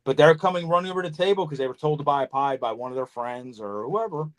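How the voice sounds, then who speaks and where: A man hosting a casual podcast chat, telling animated stories, swearing freely and acting out conversations. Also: fairly high pitch, quick pace. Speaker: podcast host, snake breeder.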